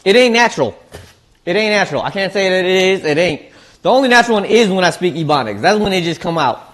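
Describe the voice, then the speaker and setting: A relaxed male streamer chatting while he snacks, his voice sitting a little on the high side. He talks in easygoing slang and often doubles up his words as he goes. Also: fast. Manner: laid-back, slangy, repeats words. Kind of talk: casual chat while eating.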